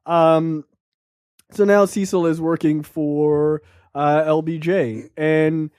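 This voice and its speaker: A man's voice: fairly high pitch, steady tone, takes it slowly, darkish tone, clean tone, dry recording, clean studio sound. A man co-hosting a film podcast, talking in loose, profane, laughing banter. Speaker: podcast co-host. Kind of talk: casual film-review banter.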